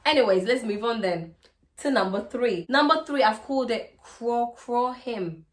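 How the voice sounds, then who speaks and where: A woman's voice: fairly high pitch, animated, measured pace. Playful Ghanaian woman giving advice. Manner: playful, teasing, acts out sweet-talking lines. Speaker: vlogger giving relationship advice. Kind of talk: casual advice vlog.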